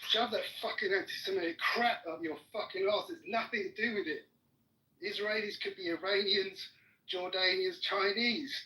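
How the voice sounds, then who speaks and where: Furious swearing man in an echoey room. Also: sits high. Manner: furious, swearing constantly, shouting down his opponent. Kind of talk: heated argument. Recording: echoey room, mic at a distance.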